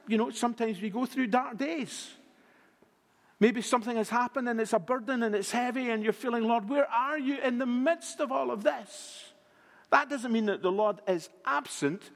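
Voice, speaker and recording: High-voiced preacher in a reverberant hall. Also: male voice, creaky. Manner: expressive, drops to a hush on key words. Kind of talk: sermon. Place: church. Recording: long reverb of a church hall.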